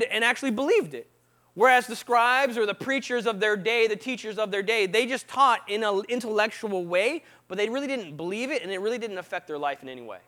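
A man who is no longer young preaching a casual, conversational sermon, often quizzing his listeners with "right?" and "what?". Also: sits high. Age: not young. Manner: lively, quizzes the audience with frequent "right?" and "what?".

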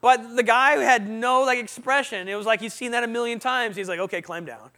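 A man sharing his testimony with students in an animated storytelling talk, often asking the audience questions. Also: very high voice, a little fast.

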